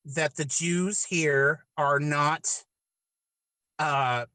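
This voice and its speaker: A man with a fairly high, bright, tense voice who stumbles through his questions, repeating words and hedging. The sound is dry and close, with no room echo. He speaks as a casual podcast host. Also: steady tone, drawn-out words. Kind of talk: casual chat, asking questions.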